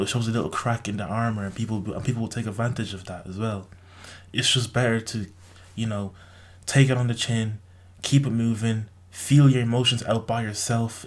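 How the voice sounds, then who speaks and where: A young man giving blunt, profane advice in a casual monologue, lecturing with many fillers. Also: medium pitch. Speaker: vlogger.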